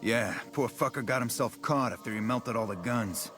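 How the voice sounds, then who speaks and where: A man's voice: mid-range voice, normal speed, natural voice. A man voicing a scheming mob underling. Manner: tough-guy, blunt, conspiratorial. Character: scheming male mob underling plotting a takeover. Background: game music.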